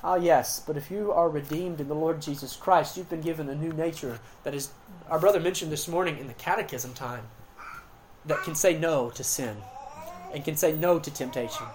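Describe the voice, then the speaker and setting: A woman preacher delivering a sermon, slowing down to stress key words and swinging between loud emphasis and quiet, hushed passages. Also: deep voice, slight background noise.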